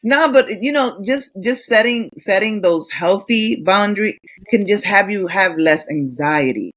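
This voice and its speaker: A woman's voice: mid-range voice, animated, measured pace, a bit bright. A woman in her thirties co-hosting a podcast, ranting in a casual, profane way with acted quotes. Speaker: podcast co-host. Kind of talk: casual chat.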